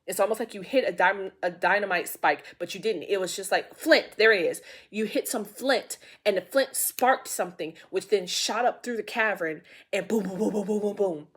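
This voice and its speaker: A woman giving a casual tarot reading, telling a rambling, excitable story full of fillers and lost words. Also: medium pitch, moderate pace, hardly any pauses, slightly rough. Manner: excitable, loses words mid-sentence. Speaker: intuitive tarot reader.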